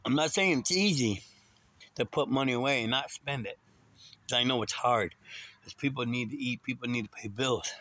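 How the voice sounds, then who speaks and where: A man's voice: medium pitch, moderate pace, sharp tone, no room sound. A man casually telling a rambling story straight to his viewers, as a vlogger.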